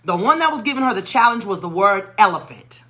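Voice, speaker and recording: An animated woman educator tells a story from her teaching. Her voice is bright and forceful, and she acts out the voices of the people in it. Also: mid-range voice, quick pace. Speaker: educator and tutor.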